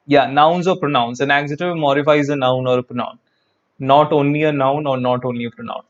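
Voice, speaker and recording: A man's voice: mid-range voice, fairly even intonation, a little fast, dull audio. A man teaching an English grammar lesson online, chatty and repetitive, talking straight to his viewers and answering their comments. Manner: chatty, repeats words, talks to viewers.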